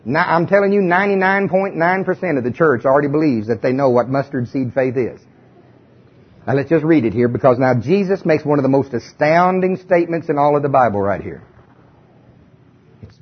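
A man's voice: a little high, lively intonation, moderate pace, husky. A male preacher giving a sermon in a conversational, emphatic way, often putting questions to his listeners. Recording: dull lo-fi recording.

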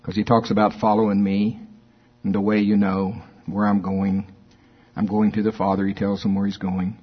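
A middle-aged man preaching a sermon as pastor, getting excited and laughing, slowing down to read scripture. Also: fairly low pitch, breathy edge. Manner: excitable, laughs often, reads scripture slowly. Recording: dull lo-fi recording.

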